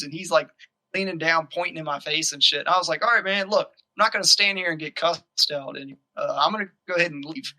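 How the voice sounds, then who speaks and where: A young man tells a story on a podcast. His voice is very bright and a touch high, and he swears constantly while acting out both sides of the argument. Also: poor audio. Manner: profane, animated, acts out quoted arguments. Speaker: podcast guest telling a story. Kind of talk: casual storytelling.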